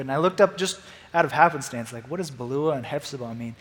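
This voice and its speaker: Young guy preaching casually, super excitable and rambly, voice a bit high, big hall echo. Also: brisk. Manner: excitable, rambling, laughs and restarts, says "like" a lot. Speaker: youth preacher. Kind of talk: casual sermon.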